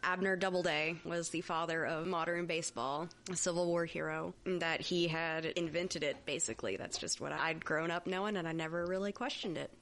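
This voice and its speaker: A woman's voice: fairly low pitch, a bit bright, a little hiss or hum. A woman co-hosting a podcast, easygoing and wry in casual chat. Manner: easygoing, wry, quick laughs. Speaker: podcast co-host.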